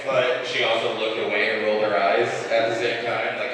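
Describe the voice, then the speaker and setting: A man's voice: on the low side, fairly even intonation, moderate pace, noisy background. A young man performing live stand-up in a comedy club, out of breath, loose and self-deprecating as he chats with the crowd. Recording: roomy club reverb, mic heard from a distance. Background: live audience, club ambience.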